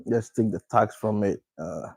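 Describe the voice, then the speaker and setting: A man's voice: lowish voice, vocal fry, darkish tone, slightly rough, no room sound, poor audio. A man from Ghana talking casually through a home cooking video, repeating his words as he works. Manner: repetitive, unhurried, talks while working. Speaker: cooking vlogger.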